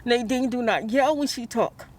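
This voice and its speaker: Woman, stressed vlog talk, halting restarts, slightly high voice. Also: darkish tone. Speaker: vlogger. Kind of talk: emotional vlog monologue.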